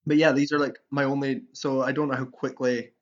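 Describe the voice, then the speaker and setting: An exasperated man co-hosts a casual film podcast and recaps scenes with plenty of fillers and restarts. His voice sits at a middle pitch. The recording is dull and muffled. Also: flat delivery, a little fast. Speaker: podcast co-host. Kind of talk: casual film-review chat.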